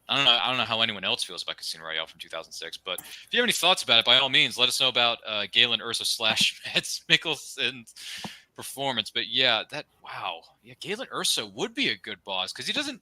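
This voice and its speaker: A young man co-hosting a casual fan podcast, gushing with enthusiasm and tossing in quick asides and pop-culture jokes. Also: mid-range voice, bright, forceful tone, no room sound. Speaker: podcast co-host.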